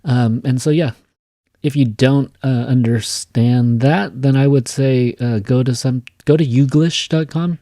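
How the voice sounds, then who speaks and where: A man teaching a class, explaining an assignment in a casual way, with many fillers and quick "okay?" checks. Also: medium pitch, mellow, dry recording, clean studio sound. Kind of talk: recorded class lecture.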